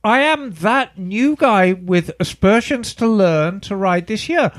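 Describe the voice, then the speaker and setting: A man's voice: sits high, expressive, takes it slowly, dry recording, studio quality. A man co-hosting a podcast, reading a listener email aloud and breaking in with playful jokey asides. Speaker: podcast co-host.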